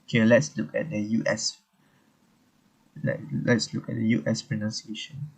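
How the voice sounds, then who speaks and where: A young man, a student presenting a screen-recorded software tutorial in a halting manner. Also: fairly low pitch, husky. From Malaysia. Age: young adult. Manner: unhurried, halting, talks through on-screen steps.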